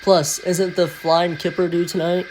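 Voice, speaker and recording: A man's voice: little pitch movement, unhurried, a little hiss or hum, poor audio. A man voicing a nervous male steam engine who whines and snaps when teased, in a fan storybook reading. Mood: anxious. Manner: high strained whine, snapping when teased. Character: nervous male tank engine, jumpy and touchy.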